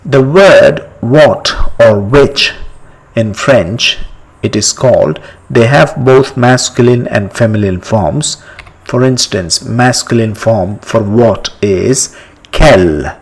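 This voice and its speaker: A man with an Indian English accent teaching a slow, step-by-step language lesson, spelling out words letter by letter and repeating each pronunciation several times. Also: medium pitch, breathy edge.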